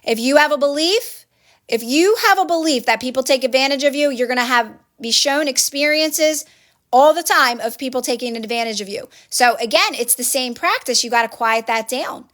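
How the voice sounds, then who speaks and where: A woman's voice: high-pitched, moderate pace, a bit bright. A woman hosting a phone livestream, giving casual motivational advice to viewers in an earnest, repetitive coaching manner. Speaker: livestream host.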